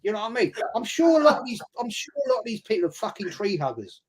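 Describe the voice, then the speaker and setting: A man's voice: sits high, sing-song, fast talker, darkish tone, husky. A man with a London accent joining a casual fan chat. He talks bluntly, swears, and mocks rivals in sarcastic put-on quotes. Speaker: guest fan pundit.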